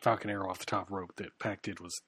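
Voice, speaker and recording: Husky man agreeing in casual chat. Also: deep voice, level tone, fast, a bit bright, no room sound. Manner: mostly short agreeing replies, enthusiastic.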